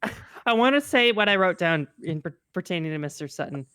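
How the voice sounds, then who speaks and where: A woman's voice: lowish voice, lively intonation, fairly quick, a bit bright, clean tone, no echo, studio quality. A woman co-hosting a podcast, chatting casually, swearing a lot and laughing often. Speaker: podcast co-host. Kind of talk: casual chat.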